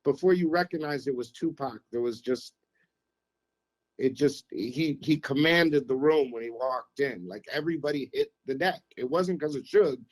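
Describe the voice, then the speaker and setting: A middle-aged man, a former radio programmer, telling anecdotes on a podcast in an animated, casual way. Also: medium pitch, moderate pace, low-quality recording. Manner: animated anecdote-telling, acts out quotes, keeps saying "you know what I mean". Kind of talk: casual storytelling.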